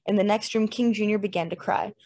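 A woman narrating a literary novel in the first person, measured and lyrical. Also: mid-range voice, fairly even intonation, darkish tone. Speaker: audiobook narrator. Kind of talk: literary fiction reading.

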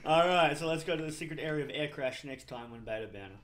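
A man's voice: fairly high pitch, expressive, quick pace, crowd noise. A young man co-hosting a let's play, giggly and chatty in casual gaming banter.

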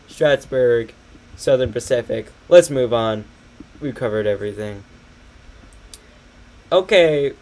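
A young man riffs his way through a product catalog in loose, sarcastic commentary, cursing freely and breaking into laughs. His voice sits in an ordinary middle pitch, with a faint hum under it. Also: a little mellow. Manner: rambling, sarcastic, swears a lot, laughs often. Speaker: streamer. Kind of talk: casual commentary over a catalog.

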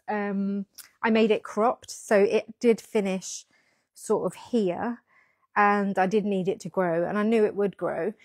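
A woman with a mid-range, slightly mellow voice hosts her yarn shop's packing livestream, casually chatting and reading comments from viewers. She's on a pinned lapel mic, and the sound has no echo.

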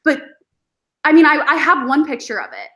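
Bright, high-voiced woman telling stories. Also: normal speed. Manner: animated storyteller, acts out her past self. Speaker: podcast guest, former reality show contestant. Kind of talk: casual podcast interview.

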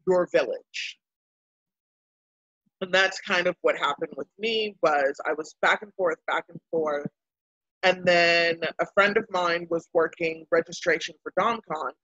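A woman's voice: fairly low pitch, no echo, lo-fi sound. A woman from Baltimore, a guest in a casual interview, telling a story animatedly and acting out what people said. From Baltimore, United States. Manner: animated storyteller who acts out quotes.

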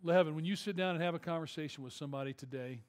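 A male pastor preaching a sermon in a church, telling a story in an animated, conversational way with jokes. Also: fairly high pitch, rapid-fire. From Detroit area. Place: church auditorium.

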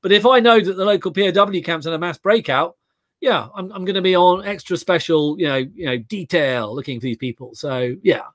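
High-voiced English man, rambling. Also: fairly quick, dry recording, clean studio sound. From England. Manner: rambling, many restarts and fillers, animated storytelling. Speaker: guest historian. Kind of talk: casual video-call chat.

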